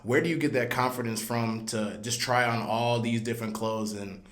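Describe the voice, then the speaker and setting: A man's voice: mid-range voice, fairly even intonation, moderate pace. Chill slangy podcast host guy, mid voice, echoey room. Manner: slangy, laid-back, laughs easily. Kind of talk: casual interview chat. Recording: roomy echo.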